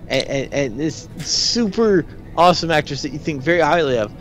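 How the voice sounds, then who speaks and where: A man co-hosting a live game stream, chatting casually and explaining the game in halting, restarting bursts. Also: on the high side, animated, fairly bright tone. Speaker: stream co-host.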